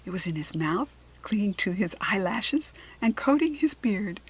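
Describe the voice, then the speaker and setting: An American woman reading a children's storybook aloud in a gentle, expressive way. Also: mid-range voice, moderate pace, husky, low-quality recording. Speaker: children's book reader.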